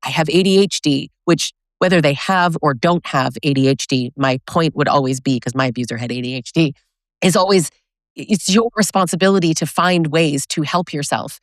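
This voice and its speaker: A woman's voice: low-pitched, moderate pace, no room sound. Woman podcast host, emphatic, talks from her own life, dry close sound. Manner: emphatic, speaking from personal experience. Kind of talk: casual interview chat.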